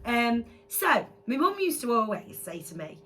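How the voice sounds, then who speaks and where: A woman's voice: on the high side, sing-song, fairly bright tone. A middle-aged woman with a Liverpool accent, co-hosting a podcast and telling anecdotes in casual chat. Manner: chatty, anecdotal, quick to laugh. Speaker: podcast co-host, radio presenter.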